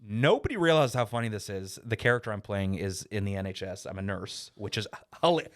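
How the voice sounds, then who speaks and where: A man's voice: fairly low pitch, brisk. A man, chatting as a guest comedian and acting out quotes as he tells stories. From Canada. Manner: animated storyteller, acts out quotes and laughs. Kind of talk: casual podcast chat.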